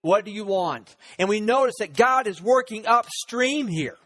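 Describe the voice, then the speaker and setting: A man's voice: high voice, lively intonation, normal speed, a bit bright. A man preaching a sermon, retelling a story and acting out the characters' lines. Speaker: pastor.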